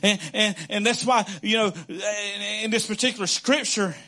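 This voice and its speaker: A man preaching a casual, conversational sermon as a pastor, animated and quick to laugh. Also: sits high. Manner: animated, conversational, laughs often, acts out quotes.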